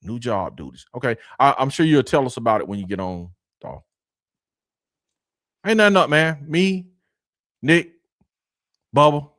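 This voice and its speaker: Man as energetic sports show host, bright and swinging, dry close sound. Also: mid-range voice, measured pace, pauses often, no room sound. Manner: animated, greets viewers by name, slangy. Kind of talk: casual sports chat.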